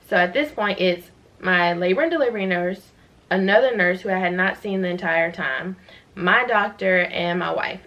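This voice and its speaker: A young woman casually telling the story of giving birth, acting out what others said with sudden jumps in her voice. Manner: animated retelling, acting out quoted voices with sharp pitch jumps.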